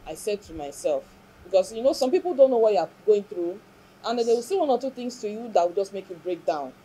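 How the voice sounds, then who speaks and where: A woman's voice: medium pitch, animated, brisk, warm tone, husky, rough recording. A woman, speaking as an interview guest and earnestly, reflectively recounting a hard time in her life and her faith. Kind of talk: emotional personal testimony.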